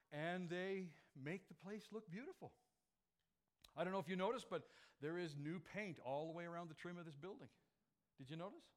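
A man preaching a sermon as pastor, lively and joking, with sudden loud emphatic phrases. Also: fairly high pitch.

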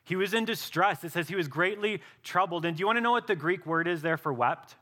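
A male pastor preaching a sermon earnestly, often dropping to a soft, slow voice for emphasis. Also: high-pitched.

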